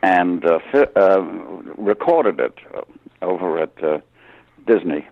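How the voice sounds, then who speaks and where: An older man telling stories in an interview, halting with many fillers and restarts, wry in tone. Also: low-pitched, expressive, no echo, highs cut off. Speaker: interview guest, voice actor. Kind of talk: storytelling interview.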